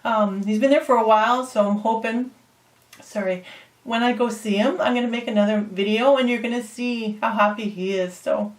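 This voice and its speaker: A woman's voice: on the high side, steady tone, moderate pace, reverberant, far from the mic, rough recording. A woman talking casually to her viewers in a pet vlog, chatty and emotional, sometimes cooing to her parrot. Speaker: pet vlogger.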